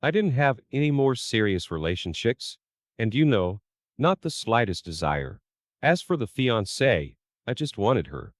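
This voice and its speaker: A man's voice: medium pitch, sing-song, a little slow, dry recording, studio quality. A man narrating a first-person story in a plain storytelling voice, reading the quoted lines of others without acting them out.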